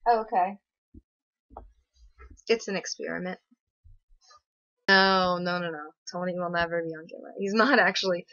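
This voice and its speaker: A young woman hosts a casual livestream, rambling sarcastically with plenty of fillers at a normal speed, pausing often in a slightly bright voice. She's picked up by a webcam or laptop mic, so the stream audio sounds muffled, dry, and low-fi.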